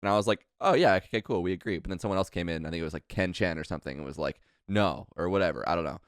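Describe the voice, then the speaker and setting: A man's voice: low-pitched, racing, clear, resonant tone, no room sound, studio quality. A young man telling a long story on a casual podcast, rambling and restarting often. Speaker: podcast co-host.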